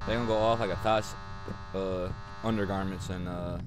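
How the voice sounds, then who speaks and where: A man commentating a horror game, swinging between mumbled slangy banter and loud frightened shouts. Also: sits low, steady tone, moderate pace, background noise. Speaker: gamer playing a horror game. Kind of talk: let's play commentary.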